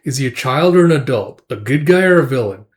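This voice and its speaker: A man's voice: medium pitch, lively intonation, fairly quick, close to an everyday voice. A man voicing a thoughtful, easygoing male mercenary in a casual comic recap, explaining things in a reflective way.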